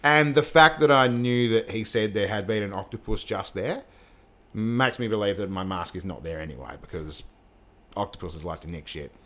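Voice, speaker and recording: A man's voice: lowish voice, normal speed, fairly bright tone. A middle-aged man co-hosting a podcast, telling a story in casual chat, swearing often and laughing as he goes. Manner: swears often, laughs through his stories. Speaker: podcast co-host.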